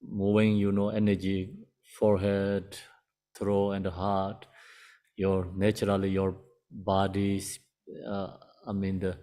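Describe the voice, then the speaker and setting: A man giving a dharma teaching as a meditation teacher, speaking in halting, simple phrases with pauses and gently asking the audience questions. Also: on the low side.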